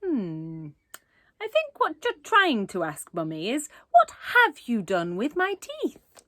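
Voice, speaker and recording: Woman voicing a storybook villain dentist, syrupy and menacing, slow and singsong. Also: on the high side, wildly swooping pitch, a bit bright, dry recording, clean studio sound, voice pushed up, heavily acted. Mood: sickly sweet. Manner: falsely sweet, mock-polite. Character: creepy sugary female dentist calling herself Mummy.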